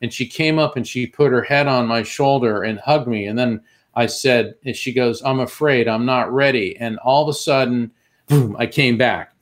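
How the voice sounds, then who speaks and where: Animated man telling a story. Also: medium pitch, normal speed. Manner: animated storyteller, acts out quoted voices. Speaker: guest, medium. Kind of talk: storytelling in an interview.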